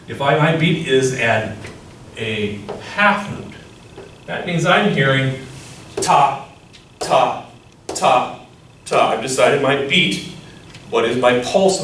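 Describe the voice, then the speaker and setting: A man's voice: mid-range voice, a bit bright, a little hiss or hum. A male music teacher explaining rhythm, often chanting beats aloud as syllables. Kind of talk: classroom lecture. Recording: echoey room from far off.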